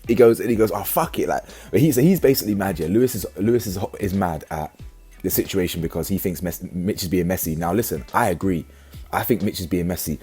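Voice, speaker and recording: Low husky man. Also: fast talker, soft background music. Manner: animated, slangy, restarts often. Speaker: reality show reviewer. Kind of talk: casual commentary.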